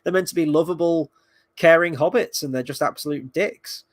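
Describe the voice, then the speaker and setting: A man's voice: fairly high pitch, normal speed, no echo, studio quality. Sarcastic, rambling male reviewer. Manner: rambling, sarcastic, swears, mocks scenes in quoted voices. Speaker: video reviewer. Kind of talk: casual spoken review.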